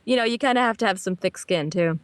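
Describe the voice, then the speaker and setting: A woman voice actress answering interview questions in a chatty, animated way. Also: mid-range voice, dry recording. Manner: chatty and animated, laughs often, slips into quick impressions.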